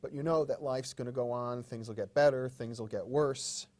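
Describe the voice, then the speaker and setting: A man, a psychologist, interviewing a guest in a respectful, measured way with some hesitant restarts. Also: mid-range voice, fairly even intonation, a little mellow. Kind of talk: interview questions.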